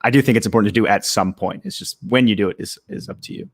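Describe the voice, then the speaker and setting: A man's voice: fairly low pitch, quick pace, husky, no echo, clean studio sound. A young man, a startup co-founder, talking casually on a live stream with lots of fillers and restarts. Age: young adult. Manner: relaxed, many fillers and restarts.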